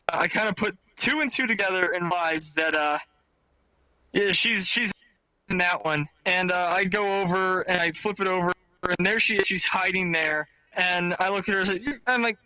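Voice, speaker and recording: A man telling a casual story about his bail bond work in an animated way, swearing freely. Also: sits high, dry recording, low-quality recording. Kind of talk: casual anecdote.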